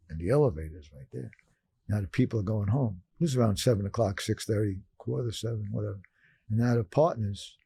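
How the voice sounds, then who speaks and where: Older husky man telling his story. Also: dry recording. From Brooklyn, New York. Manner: animated, acts out his past self in higher voices. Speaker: guest. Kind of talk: storytelling in conversation.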